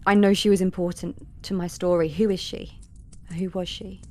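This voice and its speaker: A woman's voice: fairly low pitch, level tone, moderate pace, warm tone, soft background music, natural voice. A woman playing a defiant young orphan in a tabletop game, confrontational and demanding answers.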